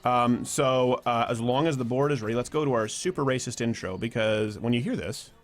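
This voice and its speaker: Teasing male talk show host. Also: medium pitch. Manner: teasing, quick, irreverent. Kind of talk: comedic talk show banter.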